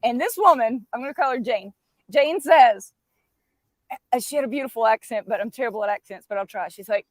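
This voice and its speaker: A woman with a high voice talks on a dry, close video call. She tells lively stories as a diet coach and drops playful little asides. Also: moderate pace, long pauses, no room sound. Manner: animated storyteller, playful asides. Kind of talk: casual live-stream chat.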